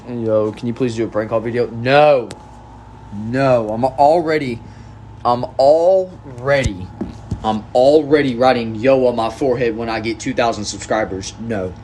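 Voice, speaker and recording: A young man talks casually on his livestream. He reads viewers' messages aloud and answers each one in a relaxed, friendly way. A faint hum sits under his voice. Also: medium pitch. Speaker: livestream host reading chat.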